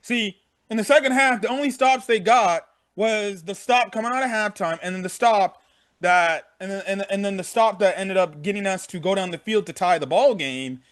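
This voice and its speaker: A man's voice: high voice, moderate pace, a bit bright. A young man giving a frank, profane game recap in casual talk, often repeating himself. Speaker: sports fan vlogger.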